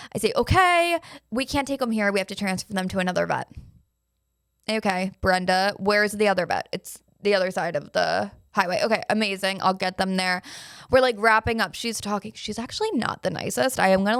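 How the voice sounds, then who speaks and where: A young woman rants through a story on her podcast, swearing often and jumping into frantic quoted replies. Her voice sits at an ordinary pitch, recorded close and dry with no room sound around her. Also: clean tone, dry recording. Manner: animated storytelling, swears freely, acts out panicked quotes. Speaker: podcast host. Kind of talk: casual solo podcast monologue.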